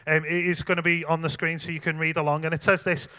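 Male preacher, high bright voice, chatty sermon delivery, addresses the congregation directly. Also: level tone, fast. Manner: conversational, warm direct address with fillers.

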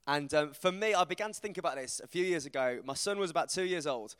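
A man, giving an informal, self-deprecating talk to a church group, animated as he tells stories. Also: a little high, quick pace, smooth. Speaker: preacher. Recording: reverberant hall.

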